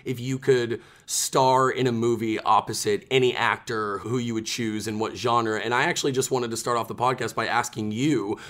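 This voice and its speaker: A man's voice: medium pitch, steady tone, normal speed, few pauses, a bit bright. A man co-hosting a podcast, chatting casually and rambling with many restarts. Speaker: podcast co-host. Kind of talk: casual chat.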